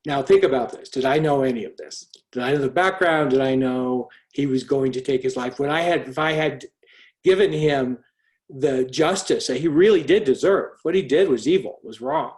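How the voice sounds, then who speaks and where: Middle-aged man, earnest faith testimony, quiet storytelling, mid-pitched voice, restarts often, call audio. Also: normal speed. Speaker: speaker sharing a testimony.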